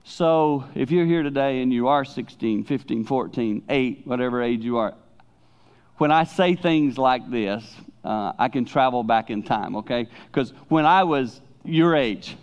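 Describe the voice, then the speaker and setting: A middle-aged man preaching a sermon in a church, telling candid stories in an animated way and breaking into sudden high-pitched outbursts. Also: unhurried, smooth, highs cut off.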